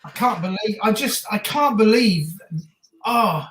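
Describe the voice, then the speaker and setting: A woman co-hosting a live stream, reacting enthusiastically to a football match and shouting at big moments. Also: medium pitch, animated, a little slow, roomy sound. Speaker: stream co-host.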